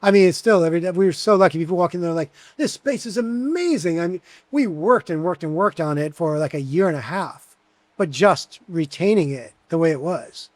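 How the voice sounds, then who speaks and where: A man of about sixty talks in a high, bright register as an interview guest. He rambles through lively anecdotes, peppered with casual fillers. The sound is dry, with no room echo. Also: fairly quick. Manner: chatty, animated anecdotes with many fillers. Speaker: bartender guest.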